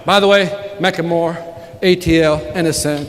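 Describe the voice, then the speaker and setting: Male keynote speaker, high and bright, energetic storyteller who bursts into shouts; live in a big echoing hall. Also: moderate pace. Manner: energetic storytelling with sudden loud outbursts. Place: large conference hall with audience. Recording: reverberant hall, audience noise.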